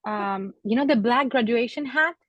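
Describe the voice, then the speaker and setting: A woman giving a psychic reading to an audience member, speaking gently and hesitantly with many pauses and fillers, and getting emotional. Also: on the high side, no room sound. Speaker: psychic medium.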